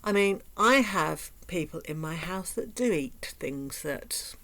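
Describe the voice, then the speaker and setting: A woman's voice: on the low side, animated, slow pace, fairly bright tone. A woman talking in a sarcastic vlog commentary, with dry asides and dips into mock whispers. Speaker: vlogger.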